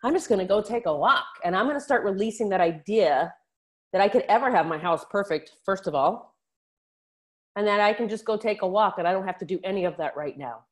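A woman life coach talking on her own podcast, frank and encouraging, who swears casually and calls her listeners out as a tough-love coach. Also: fairly quick. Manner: frank, swears casually, animated shifts in pitch. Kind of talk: solo podcast coaching talk.

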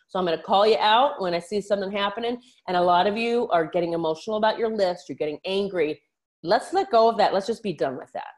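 A woman life coach talking on her own podcast, frank and encouraging, who swears casually and calls her listeners out as a tough-love coach. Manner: frank, swears casually, animated shifts in pitch. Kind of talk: solo podcast coaching talk.

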